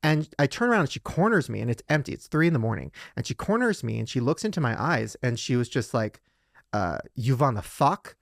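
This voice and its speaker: A man's voice: mid-range voice, sing-song, quick pace, creaky, no room sound, clean studio sound. A young man hosting a podcast, telling a story in casual chat and laughing often. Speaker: podcast host.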